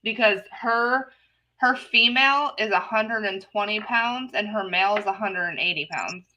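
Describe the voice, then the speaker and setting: A woman's voice: mid-range voice, normal speed, bright, forceful tone, poor audio. A woman in casual stream chat, telling stories animatedly with lots of swearing. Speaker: co-host.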